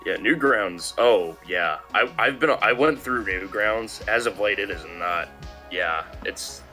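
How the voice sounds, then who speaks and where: A man's voice: lowish voice, slow, bright, forceful tone. A man co-hosting a casual podcast, reading historical dates in a laid-back way. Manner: laid-back, brief agreeing replies. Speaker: podcast co-host. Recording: faint music underneath. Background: music.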